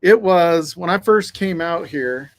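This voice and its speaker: With a slightly high, expressive voice and a measured pace, this livestream host chats casually outside on a windy afternoon. He's laid-back, swears without holding back, and greets viewers by name.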